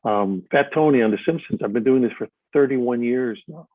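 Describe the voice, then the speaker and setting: A husky, breathy-voiced older man rambles through stories in a live interview, restarting his sentences and stacking up fillers. The sound is tinny and phone-like, and dry, with no room echo. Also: mid-range voice, a little fast. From Chicago. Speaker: actor being interviewed. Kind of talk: live stage interview, storytelling.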